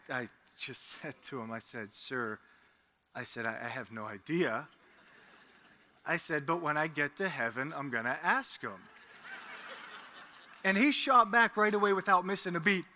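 A man's voice: fairly high pitch, unhurried, pauses often, slight background noise. A man, a Catholic priest, preaching a homily full of jokes and stories to his congregation, wearing an ear-worn headset mic in a church. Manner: animated, joking with the congregation.

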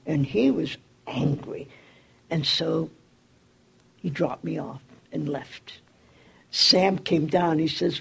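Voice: takes it slowly, vocal fry, long pauses, husky. An older person telling a personal story, acting out the people in it with raised voices. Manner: acts out quoted dialogue with raised pitch. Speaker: storyteller recalling community work.

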